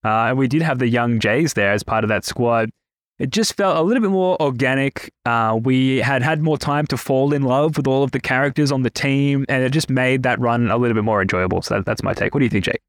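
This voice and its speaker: A man hosting a sports podcast in casual chat, animated and a bit self-aware. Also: mid-range voice, fairly quick, no room sound, clean studio sound. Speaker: podcast host.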